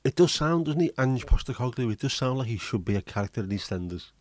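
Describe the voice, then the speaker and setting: A man's voice: medium pitch, animated, fast. A man hosting a livestream, chatting casually, joking and swearing as he reads viewer comments. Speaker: livestream host.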